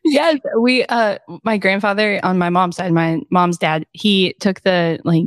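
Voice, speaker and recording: A woman's voice: medium pitch, unhurried, no echo, clean studio sound. A young woman guest chatting casually in an interview, telling stories in a bubbly way and laughing often. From southern United States. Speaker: guest, coaching company executive.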